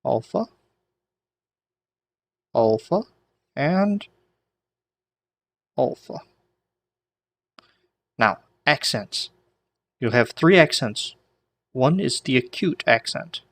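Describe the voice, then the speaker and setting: A man teaching ancient Greek in a relaxed, chatty lesson, with frequent restarts and small jokes. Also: mid-range voice, very slow, vocal fry, long pauses. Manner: relaxed, many restarts and asides, light joking. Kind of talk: casual whiteboard lesson.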